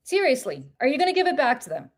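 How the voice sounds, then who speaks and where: A woman's voice: high voice, wildly swooping pitch, fast. A woman co-hosting a political podcast, ranting with passion, swearing and firing off rhetorical questions. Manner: impassioned, profane, rhetorical questions. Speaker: podcast co-host. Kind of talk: heated political commentary.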